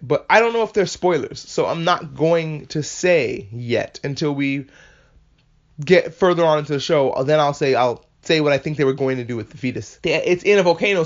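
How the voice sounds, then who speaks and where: A podcast host recaps anime episodes in an offhand, foul-mouthed way. His voice sits a little high for a man. The recording sounds muffled and lo-fi. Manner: casual, profane, animated asides. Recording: muffled lo-fi audio.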